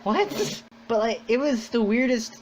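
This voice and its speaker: A man hosting a podcast in casual chat, rambling and excitable, full of "like". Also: on the high side, fairly quick, a little hiss or hum. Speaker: podcast host. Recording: dull lo-fi sound.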